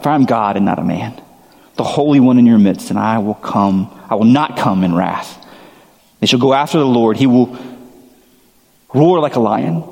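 A man delivers a sermon from the pulpit at a middle pitch. He preaches earnestly, leaning on repeated phrases and rising questions. His words carry a long reverb from a large sanctuary. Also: gravelly, darkish tone. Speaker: pastor.

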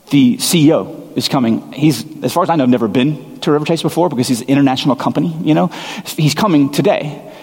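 Male pastor, forties, casual rambling storyteller, husky tone, long reverberant church sound. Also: medium pitch, a little mellow. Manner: casual, self-deprecating storyteller with many restarts. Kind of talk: sermon with storytelling.

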